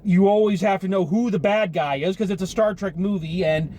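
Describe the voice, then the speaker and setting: A man's voice: sits high, brisk, warm tone. A man giving a rambling, sarcastic spoken film review, casual and swearing now and then. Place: car while driving home. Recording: car cabin with road noise.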